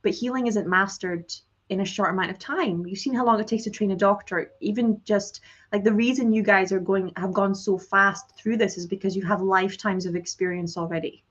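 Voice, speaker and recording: Over a video call, a woman who hosts interviews and teaches a course chats earnestly, her speech full of fillers. Her mid-range voice is husky and steady, brisk with few pauses, and the sound is lo-fi.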